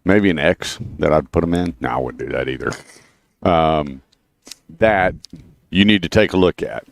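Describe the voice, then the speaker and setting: Low-voiced chatty male radio host. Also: lively intonation, moderate pace, gravelly. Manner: chatty storyteller, repeats the phone number. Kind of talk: casual radio chat with car dealer plugs. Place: radio studio.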